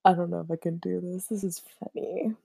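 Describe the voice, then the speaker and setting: A woman's voice: on the low side, fairly even intonation, brisk, vocal fry, dark tone, breathy edge, dry recording, studio quality. A young woman hosting a casual podcast chat, giggly, exclamatory and swearing freely. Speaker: podcast host.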